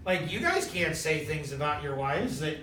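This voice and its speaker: Brief: male host, high voice, chatty storyteller; mic far, roomy echo. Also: normal speed. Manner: animated, quotes others in short bursts, filler "like". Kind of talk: casual storytelling chat. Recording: echoey room, voice from afar.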